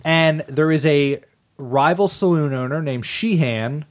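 A man's voice: fairly high pitch, unhurried. A man hosting a casual film podcast, recapping the plot with jokes and fillers. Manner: joking, summarizes plot with fillers.

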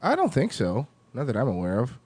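A man co-hosting a talk show, joking and interjecting in excitable casual banter. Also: mid-range voice, a little fast, slightly rough, dry recording. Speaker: radio show co-host.

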